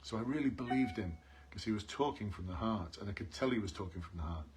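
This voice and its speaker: Husky guy with a lowish voice doing a live coaching stream, earnest, keeps repeating stuff. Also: expressive, quick pace, darkish tone. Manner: earnest, repeats key points, calls out to viewers. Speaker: police interview coach.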